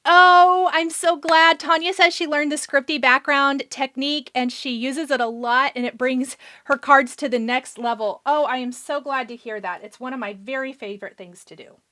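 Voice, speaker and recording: A woman with a high, fairly even voice hosts a live card-making demo, chatting casually and answering viewer questions as she works. She speaks at a normal pace with hardly any pauses, her tone pushed and bright, and she has the hiccups.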